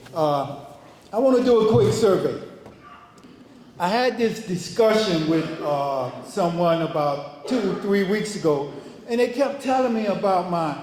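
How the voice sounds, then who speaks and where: A man in his sixties, a business owner, speaking casually to an event crowd in a slow, folksy, joking way. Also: high voice, expressive, a little mellow, a little hiss or hum. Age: 60s. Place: large event hall. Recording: echoey hall, mic from far off.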